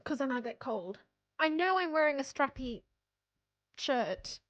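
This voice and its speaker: A woman's voice: high voice, sing-song, measured pace, dull audio. A young woman chatting casually on a livestream, rambling and self-deprecating, laughing often. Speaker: streamer.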